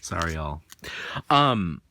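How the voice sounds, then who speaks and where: A man's voice: deep voice, sing-song, takes it slowly, gravelly, pushed and bright, slight background noise. A man with a faint New England accent, chatting casually and rambling through an unboxing as host. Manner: rambling, chatty, self-deprecating. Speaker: tarot reader and host.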